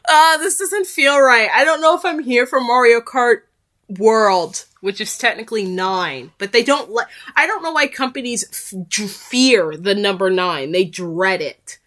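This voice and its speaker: A woman reacting to a game trailer in casual, slangy commentary, excitable and quick to laugh and shout out. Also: fairly high pitch.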